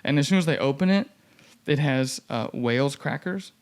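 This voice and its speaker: A man's voice: medium pitch, moderate pace, clean tone. A young man hosting a podcast, telling a story in casual chat and acting out the people he quotes, with many fillers. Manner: animated, acts out quoted voices, many "like" fillers.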